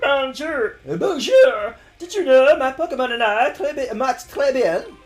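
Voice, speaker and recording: A man's voice: very high-pitched, animated, measured pace, faint music behind, voice pushed up. A man voicing a cocky young male game trainer with a bad mock French accent. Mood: boastful.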